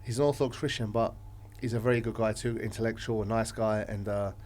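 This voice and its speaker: A man chatting casually as a podcast guest, telling stories in a rambling, animated way, his voice swinging from loud to quiet. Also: on the low side, fast. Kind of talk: casual chat.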